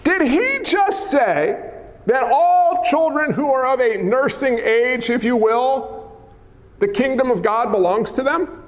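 High-voiced man preaching in a church hall. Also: measured pace. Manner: lively, teasing, acts out scenes. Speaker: pastor. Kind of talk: sermon. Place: church sanctuary. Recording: echoey hall with long reverb.

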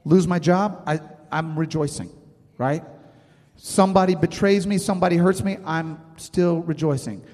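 A male pastor in his thirties delivers a sermon in a casual, conversational way, often turning to ask the congregation questions. His voice sits a little high for a man. The sound rings with a long hall reverb. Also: normal speed, darkish tone.

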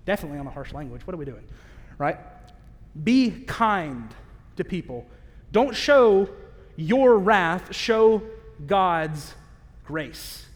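A man preaching a sermon in a candid, conversational way, with self-aware asides and slow, emphatic stress on key phrases. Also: sits high, expressive. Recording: long reverb of a large hall.

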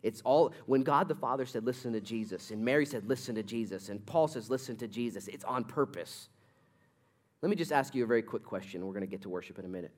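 A man delivers a church sermon from the pulpit. He tells stories with energy, rising to loud bursts and dropping low and quiet to make his points. His voice sits at an ordinary middle pitch. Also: quick pace. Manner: lively storytelling, swings from loud to quiet. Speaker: pastor.

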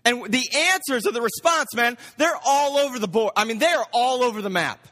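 A man preaching a sermon from the front of a church. He gets loud and amped up, and he repeats words as he speeds along. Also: extremely high pitch, lively intonation, a little fast. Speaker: pastor.

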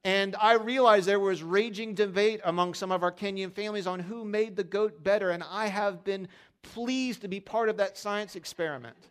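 Conversational pastor preaching to a congregation. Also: male voice, high-pitched, moderate pace, clear, resonant tone. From Pennsylvania. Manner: conversational, interactive, asks the congregation questions; storytelling with humor. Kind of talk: sermon. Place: church sanctuary during a service.

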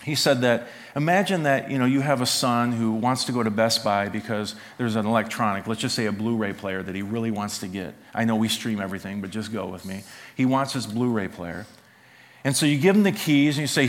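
A man's voice: medium pitch, fairly quick. A man preaching a sermon as pastor in a church, conversational and emphatic, asking the congregation rhetorical questions.

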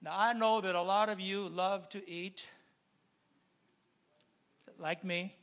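Speaking slowly in a high, bright voice, a man delivers a sermon, addressing the congregation with ease. He piles up phrases in a steady, repetitive listing cadence that swells into loud, fervent preaching.

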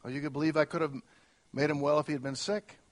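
Earnest preaching man, fairly high voice. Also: flat delivery, fast. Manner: earnest, swings from soft to emphatic. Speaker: pastor. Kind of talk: sermon.

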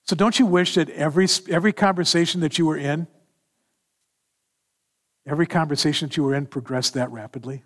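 A man preaching a sermon in an animated manner, acting out scripture dialogue as he explains verses. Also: a little high, fairly quick, pauses often. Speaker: pastor.

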